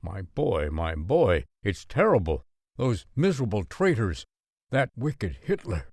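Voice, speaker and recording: An earnest middle-aged father, voiced by a man speaks with lively emphasis in a fairly low voice. The recording is dry and close. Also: a little slow, no room sound, heavily acted. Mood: stirred. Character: middle-aged Dutch father, a man, warm then alarmed.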